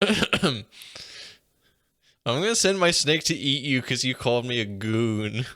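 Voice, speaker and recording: A man co-hosting a podcast in casual banter with a deadpan, jokey manner. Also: medium pitch, slow. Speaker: podcast co-host.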